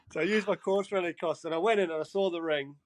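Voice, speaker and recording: A young man from England with a Geordie accent, a podcast guest telling stories in casual chat, animated and swearing freely as he acts out quotes. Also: high voice, background noise.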